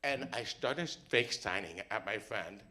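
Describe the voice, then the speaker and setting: Animated bright-voiced male storyteller. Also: fairly low pitch, a little slow. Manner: animated, comic, acts out dialogue. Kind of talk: live storytelling performance.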